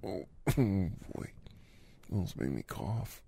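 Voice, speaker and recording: A man hosting an ASMR podcast in a whispered role-play, rambling softly between a low voice and a whisper, recorded close in a quiet room. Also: a little slow, vocal fry, husky. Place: quiet room near railway tracks.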